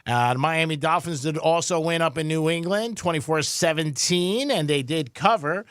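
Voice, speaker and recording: A man's voice: a little high, moderate pace, a bit bright, no room sound. A man co-hosting a radio show, running through sports scores in an upbeat, chatty way with "uh" fillers, at a studio mic. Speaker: radio co-host doing sports updates. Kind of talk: casual radio sports rundown. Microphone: studio microphone.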